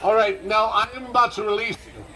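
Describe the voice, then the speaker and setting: A commanding, theatrical man runs an interactive outdoor street show, trading dry sarcasm with the audience. His voice sits high for a man. A lively crowd and steady outdoor noise sit behind him. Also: brisk. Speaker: street performer leading a crowd. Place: outdoor festival stage.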